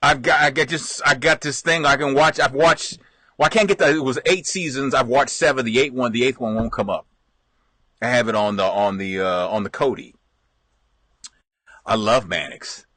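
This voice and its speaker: A middle-aged man hosting a live stream talks at normal speed in a mid-range voice, captured in a dry recording. His rambling, casual reminiscences are lively, with plenty of laughs and restarts.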